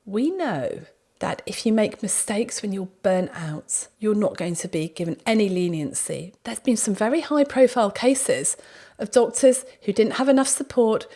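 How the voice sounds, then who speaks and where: A woman hosting a podcast, telling anecdotes in a lively, casual way. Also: medium pitch, normal speed. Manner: lively storytelling, acts out quoted speech. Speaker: podcast host.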